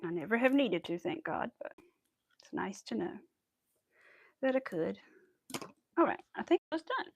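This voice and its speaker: A woman's voice: mid-range voice, very animated, moderate pace, creaky, long pauses, no echo. A young woman chatting casually while she crafts, exclaiming often and saying y'all. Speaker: crafting vlogger.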